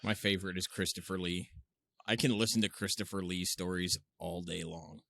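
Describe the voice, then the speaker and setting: Podcast co-host, male, lowish voice, lively storyteller, dry studio sound. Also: normal speed, no echo. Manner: animated storyteller, swears, laughs often. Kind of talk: casual chat.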